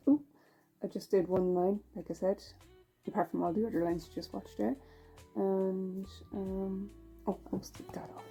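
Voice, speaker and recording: Gravelly, dark-voiced woman chatting. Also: medium pitch, level tone, moderate pace, faint music behind. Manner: rambling and chatty, with fillers and self-corrections. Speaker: knitting vlogger. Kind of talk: casual chat while knitting.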